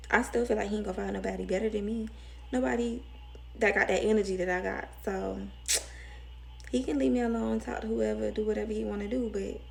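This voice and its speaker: A woman's voice: mid-range voice, creaky. A young woman with a Southern US accent, rambling emotionally in a casual storytime vlog. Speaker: vlogger.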